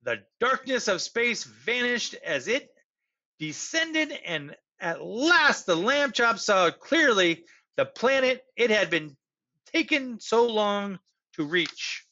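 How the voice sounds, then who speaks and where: Animated man reading a storybook. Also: high voice, slow, dull audio. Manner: expressive, animated narration. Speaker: teacher reading a children's book aloud. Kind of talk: storybook read-aloud.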